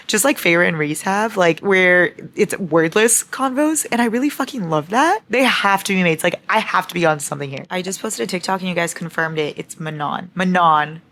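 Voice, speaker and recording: Bright-voiced young woman gushing about books. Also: fairly low pitch, moderate pace. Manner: gushing, excitable, swears freely. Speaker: book vlogger. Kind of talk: casual chat. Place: at home, cozied up in a blanket.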